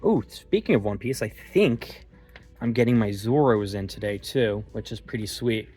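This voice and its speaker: A young man with a Philadelphia accent, chatting excitedly as he walks store aisles and films on his phone. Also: on the low side, normal speed, slightly rough. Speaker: vlog host. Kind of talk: casual walk-through vlog.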